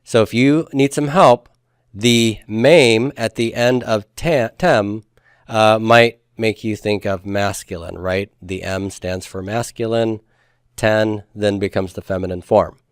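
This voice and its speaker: A man's voice: on the low side, steady tone, slow, clean tone, dry recording, studio quality. A man teaching a grammar class in a patient, step-by-step way. He has the students repeat forms after him and uses folksy comparisons. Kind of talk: classroom lecture.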